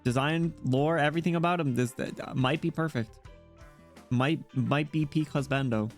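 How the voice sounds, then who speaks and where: A man's voice: fairly high pitch, normal speed. A young man streaming a game, reacting in an amused, slangy, casual way. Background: game music.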